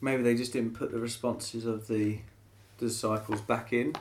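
A man's voice: mid-range voice, flat delivery, moderate pace, slight background noise. A man in a casual group discussion, asking questions in a quizzical way.

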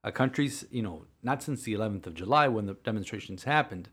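A man, a priest co-hosting a podcast, telling a story earnestly in halting sentences full of restarts. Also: on the low side, expressive, fairly bright tone, slightly rough. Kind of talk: casual podcast chat.

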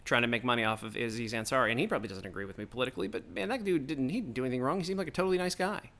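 A man's voice: mid-range voice, very fast, fairly bright tone. A man hosting his own podcast, delivering a heated, profane, rambling political rant straight into the mic. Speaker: podcast host.

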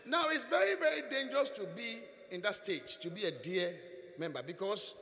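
Man, preacher, sermon, animated, chuckling, echoey church hall. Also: high voice, moderate pace. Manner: animated storytelling, chuckling often. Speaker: bishop preaching.

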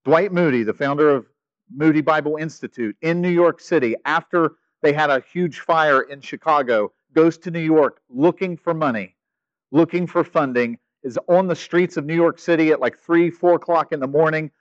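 A male pastor preaching a sermon, animated, swinging from loud stretches to hushed ones. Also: a little high, measured pace, dry recording, muffled recording.

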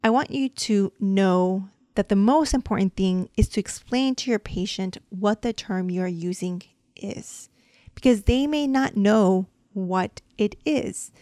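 Woman podcast host, dental hygienist, casual coaching lesson, middle pitch, dry close sound. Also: unhurried, warm tone, dry recording. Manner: chatty and explanatory, coaching the listener.

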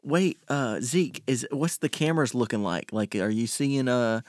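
A man's voice: mid-range voice, moderate pace, no echo. A man playing a tabletop game, eager and playful, often stammering as he thinks aloud. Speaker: player. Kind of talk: casual game chat, in character.

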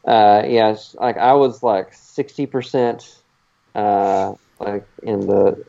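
A man's voice: lowish voice, slow pace, gravelly, mellow. A man co-hosting a podcast, chatting casually, rambling a little and laughing often. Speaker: podcast co-host. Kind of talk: casual chat. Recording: dull lo-fi recording.

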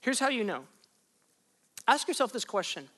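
A pastor delivering a sermon in a relaxed, conversational voice. They lean on rhetorical questions and repeat key phrases for emphasis. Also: medium pitch, moderate pace.

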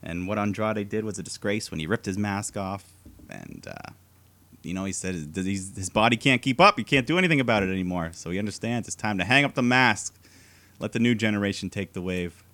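Male podcast co-host, low voice, easygoing recap delivery, dry sound. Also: fairly quick, a bit bright, no echo. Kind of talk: casual chat recapping wrestling.

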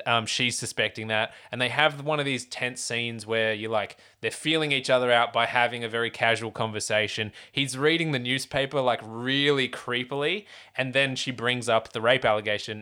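A man's voice: medium pitch, moderate pace, bright, forceful tone, clear, resonant tone. A man co-hosting a casual film discussion, rambling and laughing often.

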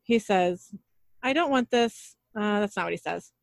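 A woman narrates an episode in a casual recap, reading out the characters' dialogue in her everyday voice. Her pitch sits in the middle for a woman. The sound is dry and close, with no room echo. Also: animated, a little slow, gravelly. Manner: reads every character's lines in her own voice, laughing at her slips.

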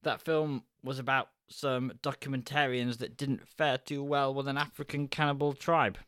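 A man with an average-pitched voice chats casually as a podcast co-host and laughs often. He reads facts from his notes in a relaxed way. The sound is dry and close. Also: normal speed, smooth, no echo. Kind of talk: casual chat.

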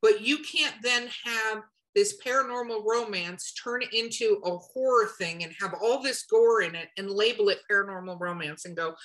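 A woman chatting casually on a podcast, animated and quick to act out little quotes. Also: low-quality recording. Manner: animated, acts out quotes with shifting pitch. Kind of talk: casual chat.

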